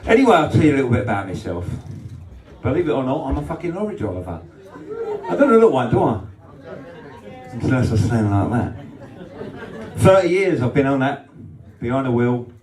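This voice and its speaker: A man's voice: fast, crowd noise. A man doing a brash, sweary stand-up set in a small club. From England. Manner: brash and sweary, with lively swings in pitch. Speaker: stand-up comedian. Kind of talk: stand-up set with crowd laughter. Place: small club function room. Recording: roomy club sound from a distance.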